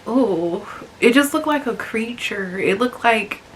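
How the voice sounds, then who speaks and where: A young woman hosting a storytime vlog, chatty and animated, talking straight to her viewers and acting out other people's voices. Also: fairly high pitch, takes it slowly, a little hiss or hum. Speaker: vlogger host.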